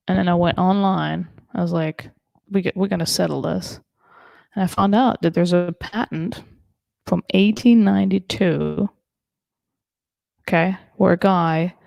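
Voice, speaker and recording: Over a video call, a stand-up comedian from Germany delivers a filler-heavy, self-deprecating, chatty routine. Her somewhat low, slightly mellow voice turns gravelly with fry at the edges, captured in a dry, close recording.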